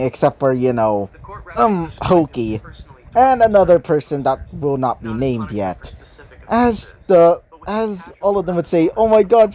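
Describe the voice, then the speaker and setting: A man's voice: a little high, darkish tone. Rambling man reading a fan story. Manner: rambling, often correcting himself mid-sentence. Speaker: fan fiction narrator.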